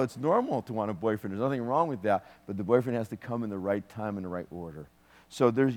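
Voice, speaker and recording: A man with a somewhat low voice ministers in a church, speaking prophecy over a young woman. He talks conversationally and warmly, slipping in light jokes between earnest words. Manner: warm, conversational, joking asides.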